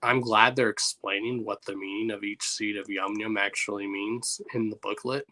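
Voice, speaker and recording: A man's voice: lowish voice, steady tone, moderate pace, sharp tone. A man hosting a livestream, chatting loosely and reacting to viewers' messages. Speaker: livestream host. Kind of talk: casual livestream chat.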